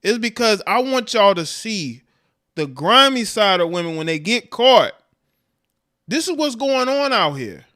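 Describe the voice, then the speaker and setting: A man's voice: high-pitched, sing-song, measured pace, bright, forceful tone. A man hosting a livestream, giving blunt, profane commentary on clips and chat with frequent laughs. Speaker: livestream host reacting to clips.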